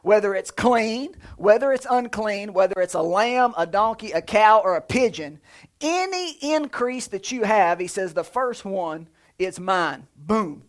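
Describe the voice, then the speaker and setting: A man in his thirties preaching a sermon in a lively, conversational way, with jokes and playful sound effects. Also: high voice, unhurried. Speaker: pastor.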